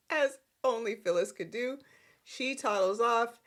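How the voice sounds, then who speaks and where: A woman's voice: a little high, takes it slowly. A woman hosting a soap opera recap, chatting casually, laughing often and acting out the characters' lines. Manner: animated, laughs a lot, acts out characters' lines.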